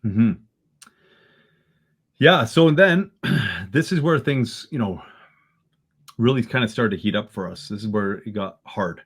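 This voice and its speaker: A man from Canada, a podcast guest, telling a story in an animated way that rises into excited bursts. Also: lowish voice, measured pace, pauses often, breathy edge.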